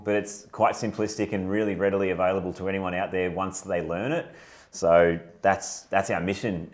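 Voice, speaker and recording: A man co-hosting a casual chat, energetic and growing louder when he gets enthused. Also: sits low. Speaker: co-host, trainer.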